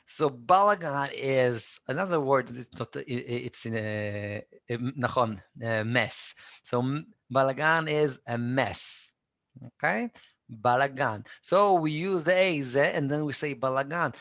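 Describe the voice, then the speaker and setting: Male tutor, patient drilling style, gravelly tone, dead-dry room. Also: medium pitch, measured pace, a bit bright. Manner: patient, repeats phrases for students to echo. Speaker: Hebrew teacher. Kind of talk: live online language lesson.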